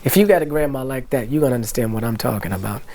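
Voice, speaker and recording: A man's voice: mid-range voice, racing, gravelly, slight background noise. A middle-aged man, a guest in a candid interview, telling his life story and acting out the voices of family members. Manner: animated, acts out family voices and quotes.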